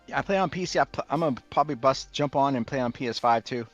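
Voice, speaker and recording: Male guest, relaxed and filler-heavy, music faint behind. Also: mid-range voice, fast, muffled recording. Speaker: returning guest. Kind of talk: casual chat.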